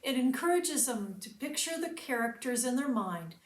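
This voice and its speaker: A woman, a children's librarian, reading a storybook aloud slowly and expressively. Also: high voice. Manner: slow and expressive.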